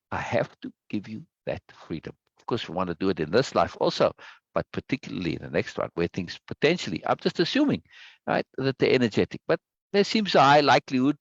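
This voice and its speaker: A man's voice: fairly low pitch, huge pitch swings, quick pace, no room sound. A man speaking earnestly and emphatically as a self-development teacher, repeating key phrases in a reflective talk to his listeners. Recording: dull lo-fi dry sound.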